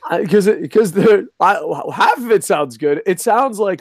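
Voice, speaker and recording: A man's voice: high voice, expressive, normal speed, hardly any pauses, no room sound, studio quality. A man co-hosting a casual wrestling chat, sarcastic and swearing freely, laughing at his own jokes. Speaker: podcast co-host.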